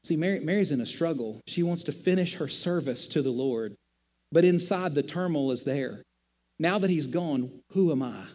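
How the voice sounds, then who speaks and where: A middle-aged man, a pastor, preaching a sermon in a conversational, animated storytelling manner. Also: on the high side, normal speed, in a large hall.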